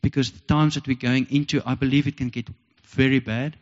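A man's voice: medium pitch, flat delivery, a little fast. A South African man preaching a sermon as pastor, earnest and heartfelt, repeating his points. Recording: dull lo-fi recording with long reverb.

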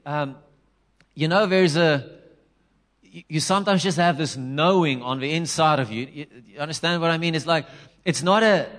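A man preaching a conversational, animated sermon, acting out quotes and restarting phrases. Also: on the high side. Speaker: pastor.

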